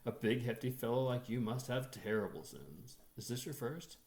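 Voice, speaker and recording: A man voicing a brusque but kindly young male priest who scolds gruffly and teases gently. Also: medium pitch, expressive, normal speed, roomy sound, lightly acted. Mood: wry. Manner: gruff, stern scolding turning gently wry.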